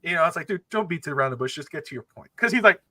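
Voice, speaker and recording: A young man spins a long story in quick, tumbling speech, jumping into other people's voices as he goes. His voice is bright and forceful, sitting a little high, and it is recorded close and dry. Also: dry recording. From Miami area. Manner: animated storyteller acting out both sides of conversations. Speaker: podcast co-host. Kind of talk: casual storytelling chat.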